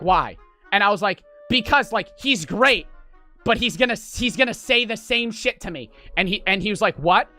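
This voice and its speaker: A man streaming from his home setup tells a story-time rant to his chat in a bright, forceful voice. He swears freely and plays out both sides of the phone calls, jumping from near-shouts to low muttering. Faint music plays behind him. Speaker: live streamer.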